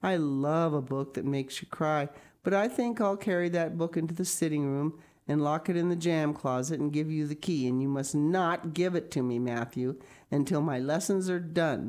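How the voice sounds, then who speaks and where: A woman's voice: low voice, normal speed, a little mellow, natural voice. A woman reading an audiobook, voicing an eager, talkative young girl who gushes. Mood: chattering. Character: chatty, imaginative young girl.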